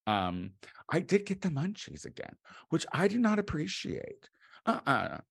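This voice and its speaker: A man from the United States delivering a casual comedic monologue as a podcast host. He rambles and swears, with sudden loud outbursts. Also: a little high, sing-song, a little slow, gravelly, slightly rough, no echo, clean studio sound.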